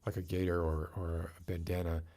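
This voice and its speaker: A man with a very low voice talks loosely as a show host. He rambles through his thoughts with plenty of fillers and restarts. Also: flat delivery, a little fast, mellow. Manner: rambling, chatty, many fillers. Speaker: podcast host. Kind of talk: casual chat.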